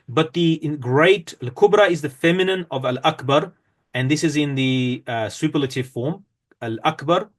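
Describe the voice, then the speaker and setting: A man's voice: fairly high pitch, normal speed. A man teaching an Arabic grammar lesson, reading from a textbook and explaining step by step with frequent fillers and self-corrections.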